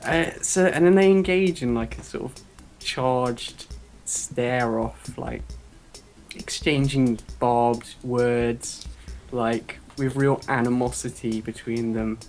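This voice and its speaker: A man's voice: mid-range voice, slow, darkish tone, faint music behind. A young man telling a story in a casual podcast chat, acting out the quotes. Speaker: podcast co-host.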